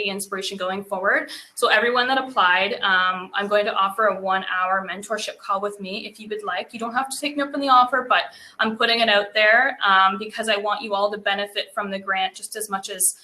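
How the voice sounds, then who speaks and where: A woman's voice: medium pitch, pushed and bright. A woman with a Canadian accent giving an earnest, unscripted speech at a virtual event, speaking eagerly with many ums. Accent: Canadian English. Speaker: grant presenter and business owner.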